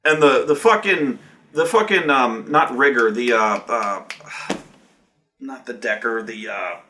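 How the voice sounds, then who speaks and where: A man's voice: mid-range voice, a little slow, sharp tone, slight background noise. A man recounting a tabletop game session as game master, rambling and profane, with restarts and acted-out quotes from the players. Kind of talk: casual profane storytelling.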